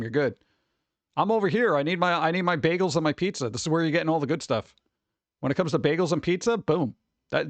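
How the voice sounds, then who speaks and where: In a loose, conversational stream, a host with a fairly high-pitched voice responds to viewer messages, cracking jokes and launching into animated mock rants. He's miked close and dry at his desk, with no room sound at all.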